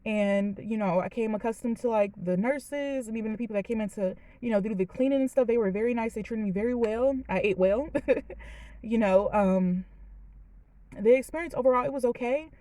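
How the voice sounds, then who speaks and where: A woman's voice: a little high, moderate pace, warm tone, no echo, low-quality recording. Chatty young woman telling her story. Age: late 20s. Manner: candid, chatty, emotional, many "you know"s. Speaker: vlogger. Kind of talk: personal storytime. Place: parked car.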